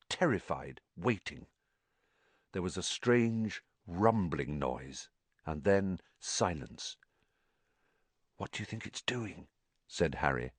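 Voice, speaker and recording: A man narrating a story in an expressive, dramatic reading voice. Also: lowish voice, no room sound. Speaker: audiobook narrator.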